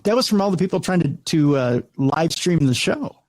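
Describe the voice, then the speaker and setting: A man's voice: fairly high pitch, normal speed, dry recording, low-quality recording. A middle-aged man, a radio host, telling stories in an interview with many restarts, acting out the people he quotes. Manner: animated, many restarts, acts out quoted voices. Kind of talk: casual interview storytelling.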